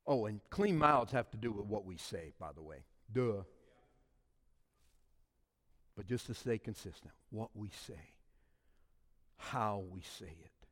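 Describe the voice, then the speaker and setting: A man preaching a sermon, swinging between shouted emphasis and hushed, quiet asides. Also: lowish voice, lively intonation, normal speed, in a large hall. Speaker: pastor.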